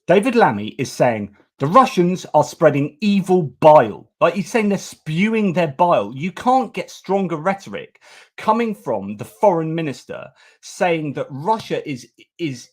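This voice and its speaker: A man hosting an online show, ranting in animated commentary. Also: fairly high pitch. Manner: ranting, excitable. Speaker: host.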